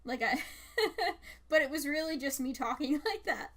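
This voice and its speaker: A woman's voice: sits high, brisk, a bit bright. Giggly, rambling young woman artist. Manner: chatty, giggly, rambling with many fillers. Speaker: artist chatting while drawing. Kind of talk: casual chat.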